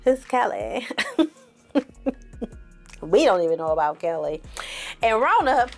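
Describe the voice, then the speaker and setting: A woman's voice: a little high, very animated, takes it slowly, faint music behind. A woman recapping and reviewing a movie in a casual, blunt and profane way, full of sarcastic asides. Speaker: film reviewer.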